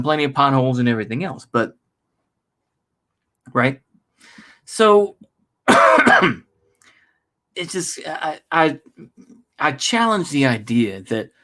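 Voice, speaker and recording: A man from the United States rambles through a casual political vlog. His voice sits at a middle pitch. He fills his talk with hedging asides and jokes at his own expense. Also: fairly bright tone. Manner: rambling, self-deprecating, with frequent fillers. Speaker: political vlogger.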